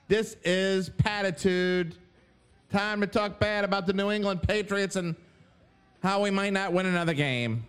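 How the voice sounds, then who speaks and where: A man's voice: high-pitched, a little slow, fairly bright tone, clear, resonant tone, voice pushed up. A man doing a brash mock Boston sports host. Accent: put-on Boston.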